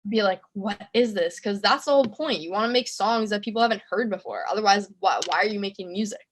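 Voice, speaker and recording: A young woman in a relaxed podcast interview, rambling happily through a story with plenty of fillers. Her voice sits at an everyday middle pitch. She laughs easily as she talks. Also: fast talker, slight background noise. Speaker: musician guest. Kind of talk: casual interview chat.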